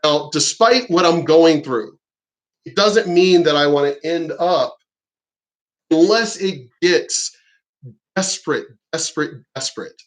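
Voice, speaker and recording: A man's voice: fairly high pitch, takes it slowly. Rambling, profane middle-aged man. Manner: rambling, profane, acts out what others said. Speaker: military veteran vlogger. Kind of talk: casual monologue to camera.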